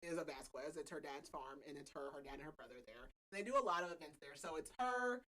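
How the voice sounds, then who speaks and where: A woman's voice: deep voice, animated, fast talker, fairly bright tone, poor audio. A young adult woman hosting a podcast, recapping a novel in casual chat, laughing often and leaning on "like" as filler. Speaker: podcast host.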